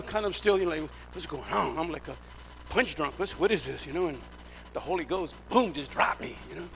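A man's voice: on the high side, expressive, normal speed, a bit bright. A middle-aged man preaching, telling his testimony as an emphatic storyteller who acts out the dialogue. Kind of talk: sermon testimony. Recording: clear background hum.

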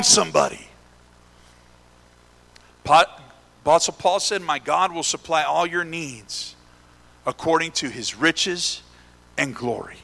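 High, gravelly preacher shouting in a hall. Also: male voice, lively intonation, slow, pauses often. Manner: call-and-response preaching, rising to shouts. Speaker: pastor. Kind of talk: sermon. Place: church sanctuary. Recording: echoey hall with long reverb.

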